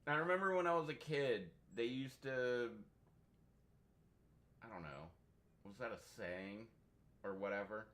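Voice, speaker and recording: A young man talking loosely over a game stream, middling in pitch. He rambles through anecdotes, swears constantly and breaks into laughs. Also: a little slow, long pauses. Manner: profane, laughs often, animated storytelling. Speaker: gaming streamer. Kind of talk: casual rambling chat.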